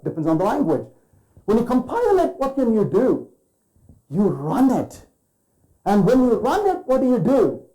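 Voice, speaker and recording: A man's voice: high-pitched, warm tone, low-quality recording. A man giving a conference keynote, firing rhetorical questions at the audience and acting out quoted voices. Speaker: keynote speaker.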